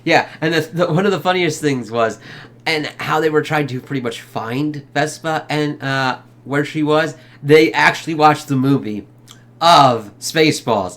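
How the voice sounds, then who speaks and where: A man's voice: a little high, moderate pace, fairly bright tone. A man giving a casual spoken movie review, rambling loosely, swearing a lot and laughing often.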